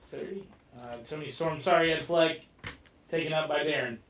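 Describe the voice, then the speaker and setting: A man's voice: on the high side, normal speed, fairly bright tone. A man co-hosting a live sales stream, teasing and reading out buyers' orders. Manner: teasing, joking. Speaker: stream co-host. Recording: roomy, off-mic with faint noise.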